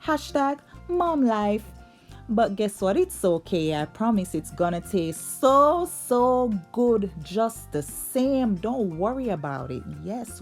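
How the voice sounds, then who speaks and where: A woman's voice: medium pitch, a little mellow. A young woman, hosting a cooking vlog in an upbeat, chatty way and drawing out her words. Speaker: cooking channel host. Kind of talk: casual cooking vlog narration.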